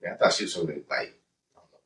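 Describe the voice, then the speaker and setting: A man's voice: very fast, fairly bright tone. A young man from Atlanta chatting casually as podcast co-host, laid-back and hesitant, with many fillers. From Atlanta South Side. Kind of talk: casual chat. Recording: roomy sound, distant from mic.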